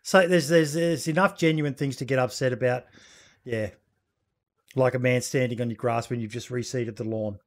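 A man's voice: medium pitch, fairly even intonation, moderate pace. Laid-back sweary Australian man. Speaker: podcast co-host. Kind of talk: casual chat.

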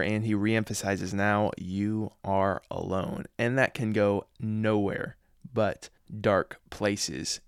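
A man giving an earnest, reflective spoken review of a drama episode, often pausing to muse and admitting he is unsure. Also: lowish voice, clean tone, no room sound, studio quality.

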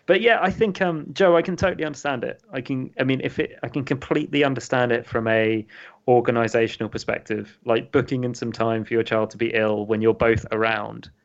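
Podcast guy telling cheesy dad jokes, gravelly voice, muffled lo-fi sound. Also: medium pitch, steady tone, brisk. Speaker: podcast co-host. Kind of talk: casual podcast chat.

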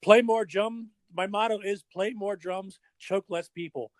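Middle-aged man, casual storyteller, lively acted-out voices, fairly high pitch, dry recording. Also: a little slow, no room sound. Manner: animated storyteller, acts out voices and sound effects. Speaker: guest, drummer and former pro skateboarder.

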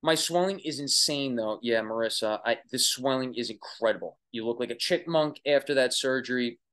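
A young man with a Long Island New York accent, an oral surgery resident answering viewer questions in a casual livestream from his apartment, excitable and chatty, often restarting and trailing off. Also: medium pitch, normal speed, smooth. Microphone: phone or webcam livestream.

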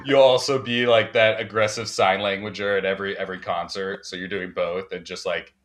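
A man's voice: fairly low pitch, steady tone, moderate pace, a bit bright. A young man co-hosting a casual chat, laid-back, swearing freely and trailing off with "you know".

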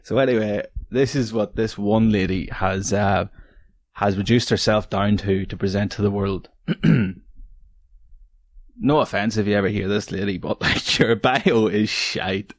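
A young man rambles through a solo podcast, stoned and swearing freely. His voice sits low and is recorded close and dry, with no room around it. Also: fairly even intonation, unhurried, no echo. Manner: rambling, profane, laughing often. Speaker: podcast host. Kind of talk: casual solo podcast chat.

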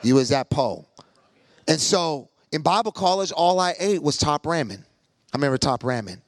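A man preaching with comic stories, acting out each voice and stammering when he gets excited. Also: fairly high pitch, normal speed, no echo. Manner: animated, acts out every voice in his stories. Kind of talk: comic storytelling sermon.

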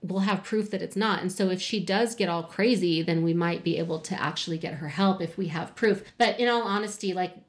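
A woman's voice: on the low side, a little fast, few pauses. A woman in her forties telling family stories in a casual, chatty way, full of "like" fillers and little acted quotes. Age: 40s. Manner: chatty, filler-heavy, often acts out quoted voices. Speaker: podcast co-host. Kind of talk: casual storytelling chat.

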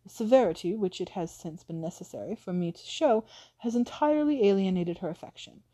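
A woman reading the lines of a smooth, scheming aristocratic widow in an audiobook, with a suave, persuasive manner. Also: medium pitch, animated, brisk, mellow, close to an everyday voice.

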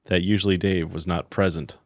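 A man from Minnesota co-hosting a casual tech podcast, his voice hoarse from screaming at a football game, laid-back and teasing. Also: low voice, steady tone, fairly quick, dry recording, clean studio sound. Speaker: podcast co-host.

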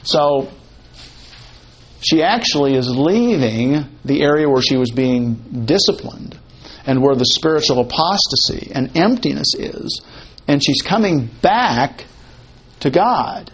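A man's voice: fairly high pitch, animated, slow pace, slight background noise, rough recording. A man teaching a Bible sermon, repeating key phrases and posing and answering his own questions. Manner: conversational, asks and answers questions. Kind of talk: expository sermon.

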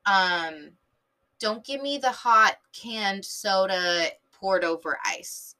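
Animated, swearing podcast woman from San Diego. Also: mid-range voice, slow pace. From San Diego, Southern California. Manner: animated, filler-heavy, swears freely, jumps between tangents. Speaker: podcast host. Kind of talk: casual rambling monologue.

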